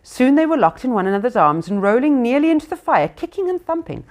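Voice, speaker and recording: A woman reading a storybook aloud to children, expressive and unscripted, with small slips. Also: high voice, fast talker. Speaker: reader to children.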